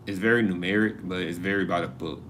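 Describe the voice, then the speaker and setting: A man's voice: deep voice, fairly even intonation, fast talker, fairly bright tone, a little hiss or hum. A man hosting a live stream, chatting casually to viewers and reading an article aloud, sometimes turning away from his mic.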